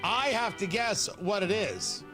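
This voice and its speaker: A man's voice: high voice, animated, unhurried, music in the background. A man hosting a morning radio show, joking and rambling in a casual way. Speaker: radio host.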